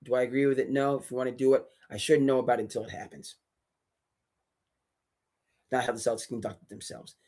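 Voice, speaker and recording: A sports talk host delivers an animated, emphatic rant, his voice sitting at an ordinary middle pitch. He talks to viewers in a loose, streetwise way and often jumps to sudden loud bursts. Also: a little fast, long pauses. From New England. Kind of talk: solo sports talk livestream.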